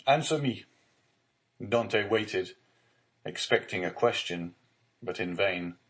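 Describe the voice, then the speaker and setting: A man narrating a classic novel as an audiobook reader, in measured, even storytelling. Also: lowish voice, poor audio. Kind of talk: scripted narration.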